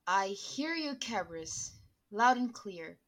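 A woman's voice: medium pitch, very animated, slow, fairly bright tone. A woman voicing a wary half-elf man in a tabletop game, answering in a stiff, defiant way. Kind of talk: tabletop role-play.

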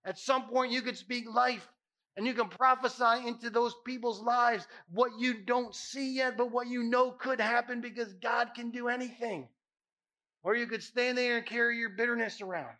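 A man's voice: very high-pitched, bright, forceful tone. A man preaching as a pastor, impassioned and emphatic, repeating phrases for effect. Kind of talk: sermon.

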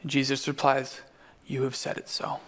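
A man's voice: mid-range voice, monotone, normal speed, a bit bright. A man preaching a sermon, telling the story vividly and acting out the quoted voices. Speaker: pastor. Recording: long hall reverb.

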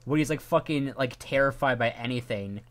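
A young woman co-hosting a casual movie podcast, talking in a blunt, animated way and swearing casually. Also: very deep voice, fairly quick. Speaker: podcast co-host. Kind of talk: casual movie-discussion chat.

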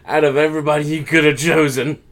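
A man's voice: a little high, level tone, quick pace, a bit bright. A man casually recapping a wrestling show, breaking into mocking voices to quote the wrestlers. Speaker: podcast co-host.

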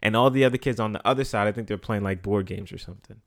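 A man's voice: fairly low pitch, fast, dry recording. Slangy man telling a story, dry sound. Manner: loose, slangy, repeats phrases for emphasis. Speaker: podcast host. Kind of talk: casual storytelling.

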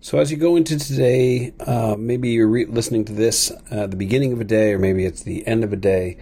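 Mellow, husky man giving a devotion. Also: medium pitch, steady tone. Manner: earnest, thoughtful, unhurried. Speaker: podcast host giving a daily devotion. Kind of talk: reflective devotional talk.

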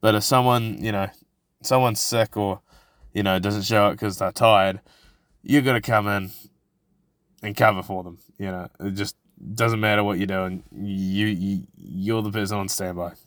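Man, podcast host, low voice, casual storytelling, rambling, profane, dry sound. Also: fairly even intonation, moderate pace, fairly bright tone, dry recording. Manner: rambling, profane, with frequent restarts and fillers.

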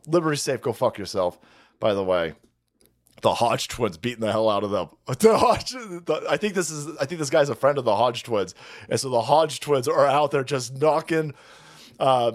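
Foul-mouthed ranting streamer man. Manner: crude, mocking, swings between high sarcastic mimicry and low grumbling. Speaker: livestream host. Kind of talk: profane political rant.

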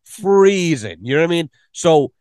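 A man's voice: a little high, animated, normal speed, a little mellow, clean tone, no echo, clean studio sound. A man hosting a podcast, telling rambling, profane stories in casual chat. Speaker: podcast host.

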